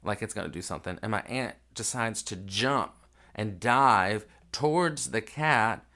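A man recounts a family story as a casual podcast monologue. His voice sits fairly low. His delivery is raw and emotional, full of fillers and restarts. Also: a little slow, sharp tone. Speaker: podcast host.

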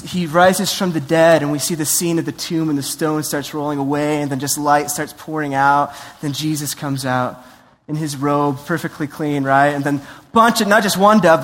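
A man preaching a sermon in a conversational, animated way, acting out voices and asides. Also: fairly high pitch, normal speed. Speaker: pastor. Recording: long hall reverb.

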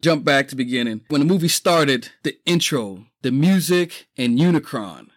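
A middle-aged man from the Bronx, hosting a casual solo podcast, telling stories excitedly, swearing freely and laughing often. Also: medium pitch, normal speed, no room sound, studio quality. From the Bronx, New York. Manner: excitable, profane, laughing storyteller. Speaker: podcast host.

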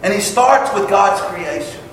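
A man preaching a sermon to his congregation, emphatic and building to loud exclamations. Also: high voice, expressive, measured pace, distant mic, slight background noise. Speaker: pastor. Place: church sanctuary. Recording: echoey hall, picked up from afar.

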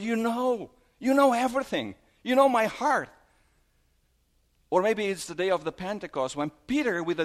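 This is a male preacher who questions his audience and brings scripture scenes back to life, lowering his voice to a soft hush when things get emotional.

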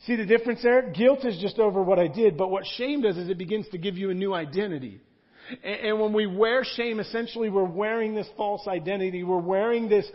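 A man, a pastor, preaching a sermon in a church room in a conversational style, repeating key words for emphasis. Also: sits high. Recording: dull lo-fi sound.

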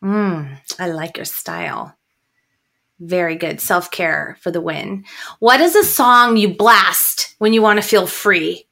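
A woman hosting a podcast interview, effusive and full of praise as she asks quick questions. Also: fairly low pitch, sing-song, creaky, a bit bright. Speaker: podcast host. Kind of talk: casual interview chat.

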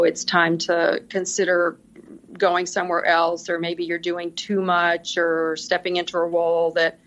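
Guesting on a podcast, this middle-aged senior executive assistant shares work stories in a relaxed interview, laughing frequently. Her voice is on the low side yet fairly bright, and the recording sounds muffled.

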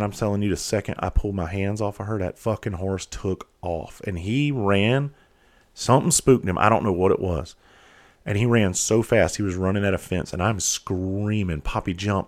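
A man with a very deep voice recounts a painful family moment. His telling is candid and profane. He halts and restarts often as the emotion presses in. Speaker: father telling a personal story. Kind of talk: candid personal storytelling.

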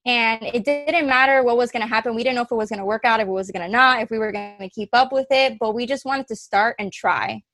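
A woman's voice: on the high side, steady tone, quick pace, few pauses, a bit bright, no room sound, faint music behind. A woman co-hosting a podcast, talking earnestly and getting emotional as she thanks listeners, laughing often. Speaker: podcast co-host. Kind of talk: casual podcast chat.

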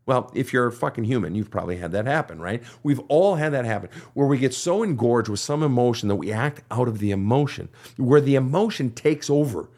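A man's voice: medium pitch, animated, brisk, hardly any pauses, darkish tone. A man who hosts a counseling podcast, giving blunt, emphatic advice full of swearing. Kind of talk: profane motivational advice.

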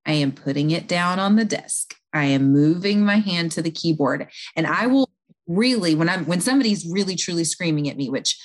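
A woman speaking as an interview guest, calmly explaining and talking through everyday examples. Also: on the low side, normal speed. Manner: calm, explanatory, talks listeners through examples. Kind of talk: conversational advice.

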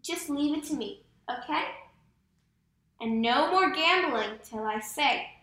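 A plucky young storybook girl speaks in a high, bright voice, as a woman reads her part. A roomy echo surrounds her. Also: expressive, slow, full character voice. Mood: bossy. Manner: pleading, then bossy.

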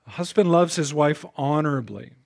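Emphatic preacher man with a higher voice. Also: animated, moderate pace, gravelly. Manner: emphatic, repeats words when starting a phrase; swings between loud punches and soft lowered asides. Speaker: pastor. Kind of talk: sermon.

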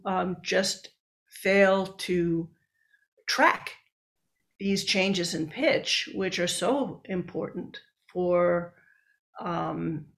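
Slow, gravelly-voiced woman researcher. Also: fairly low pitch. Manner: measured, explaining step by step. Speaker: researcher and book author. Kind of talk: explanatory interview talk.

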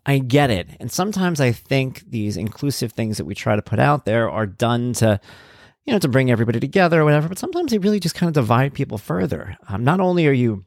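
A middle-aged man hosting a podcast, telling stories about his son in a casual, animated way and getting worked up as he talks. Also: medium pitch, fast, vocal fry, no echo, clean studio sound. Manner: animated storytelling, gets worked up, acts out quotes. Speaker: podcast host, parent of an autistic son.

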